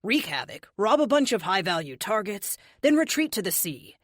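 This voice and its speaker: A woman's voice: medium pitch, very animated, moderate pace, fairly bright tone, dry recording. A woman voicing a determined young male team leader, earnest with dry sarcasm.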